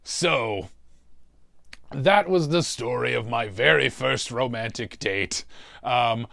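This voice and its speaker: Here a man voices a demonic torturer and mystery-show host, relating a comedic in-character story about suffering in a gravelly, slow voice that relishes the subject. His pitch is mid-range with a fairly bright tone. The recording is dry and of studio quality.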